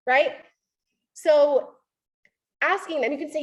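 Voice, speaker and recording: High-voiced woman coaching a training group. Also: slow, long pauses. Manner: animated, acts out quoted voices, frequent "right?". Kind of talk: motivational training talk.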